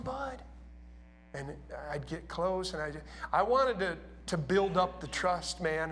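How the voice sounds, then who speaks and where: A man's voice: high voice, a bit bright, a little hiss or hum. A man preaching a sermon in a church, talking casually and asking his congregation questions.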